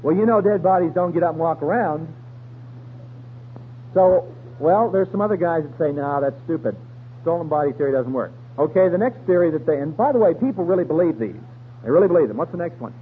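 High-voiced man, folksy slangy radio preacher; tinny broadcast, faint hum. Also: animated, fairly quick. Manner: folksy, colloquial storytelling with slang. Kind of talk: radio sermon.

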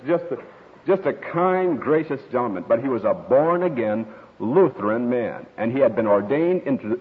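A man preaching a sermon, telling stories and acting out quoted voices as he teaches. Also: mid-range voice. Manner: storytelling, expressive with quoted voices. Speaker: pastor. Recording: tinny radio broadcast with long hall reverb.

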